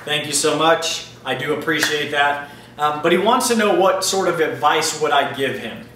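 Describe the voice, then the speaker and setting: A man's voice: a little high, normal speed, pushed and bright, distant mic. Upbeat chatty man in an echoey room. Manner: chatty, upbeat, loose and informal. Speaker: aquarium hobbyist answering viewer questions. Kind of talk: casual Q&A vlog. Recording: roomy echo, mic set back, faint ambient noise.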